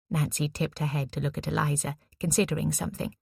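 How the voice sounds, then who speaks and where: Woman narrator, low-ish, husky, gravelly, measured audiobook read. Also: no room sound, clean studio sound. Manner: measured, even storytelling. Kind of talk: scripted narration.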